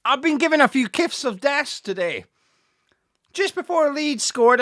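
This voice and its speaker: A man doing live fan commentary on a match, sweary and excitable, talking straight to his viewers. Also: very high voice, no room sound, studio quality. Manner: sweary and excitable, shouting at goals.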